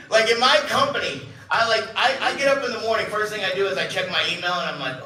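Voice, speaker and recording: A man's voice: sits high, fast talker, hardly any pauses, bright, forceful tone, distant mic. Joking middle-aged man speaking in an echoey room. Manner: joking, storytelling, acts out quoted voices. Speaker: company CEO giving a talk. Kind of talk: live event speech. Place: large event room.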